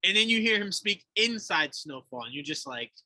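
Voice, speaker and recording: A man co-hosting a podcast in casual chat, animated and laughing often, acting out quotes as he talks. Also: sits high, moderate pace, no echo, low-quality recording. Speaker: podcast co-host.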